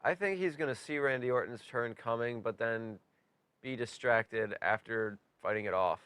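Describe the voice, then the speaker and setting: A man's voice: medium pitch, normal speed, a bit bright, clean tone, no echo. A man chatting bluntly and casually with friends during a wrestling watch, swearing now and then.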